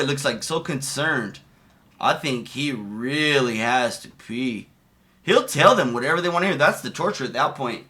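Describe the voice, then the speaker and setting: A man riffing over a video in a bright, forceful voice, swearing freely and wandering off into stories. He laughs his way through the telling, his talk loose and casual. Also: mid-range voice, expressive, normal speed. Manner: profane, laughing, loose storytelling. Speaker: streamer commenting on a video. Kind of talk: casual, rambling commentary.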